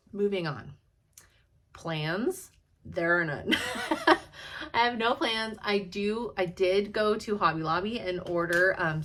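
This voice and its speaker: A woman's voice: on the low side, fairly bright tone. A young adult woman chatting casually to camera, gushing with frequent fillers and laughs mixed into her speech. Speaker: cross-stitch vlogger.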